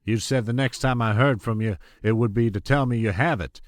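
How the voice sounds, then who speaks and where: An actor playing a domineering, secretive husband in an audio drama, speaking gruffly and with authority. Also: male voice, mid-range voice, brisk, close to an everyday voice. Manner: gruff and commanding.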